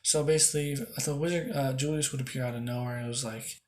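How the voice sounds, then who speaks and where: A man's voice: medium pitch, fairly even intonation, fast talker, darkish tone, a little hiss or hum. A young man rambling through an improvised fan story, swearing freely and mocking himself. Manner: rambling, profane, self-deprecating.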